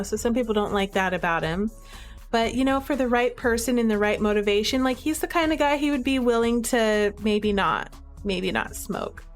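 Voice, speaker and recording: A woman talks through her game picks in a loose, chatty way, full of fillers and little laughs. Her voice sits at an ordinary middle pitch. Soft music plays quietly underneath. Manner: gushing, giggly, chatty with many fillers. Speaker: video creator reviewing games. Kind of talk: enthusiastic casual commentary.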